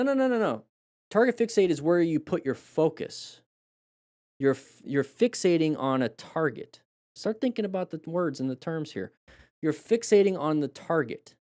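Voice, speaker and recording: A motorcycle riding coach reviews crash videos live, his voice on the high side with a darkish tone. He coaches riders emphatically, repeating key phrases and acting out a rider's panic as he explains.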